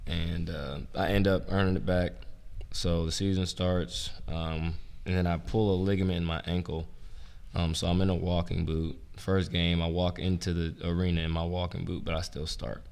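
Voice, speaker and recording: A young man, a former college basketball player and coach, telling stories in a relaxed, rambling way, full of "like" and "um". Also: low voice, moderate pace, creaky, clean tone. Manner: relaxed, rambling, heavy use of "like" and "um". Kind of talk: casual storytelling interview. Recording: roomy with long reverb.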